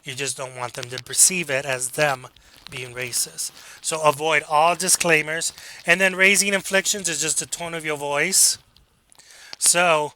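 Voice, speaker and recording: Guy teaching speech class, pretty bright voice, a little high, direct and coachy. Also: steady tone, a little slow. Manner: direct, coaching, rhetorical questions. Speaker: college speech instructor. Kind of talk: recorded class lecture.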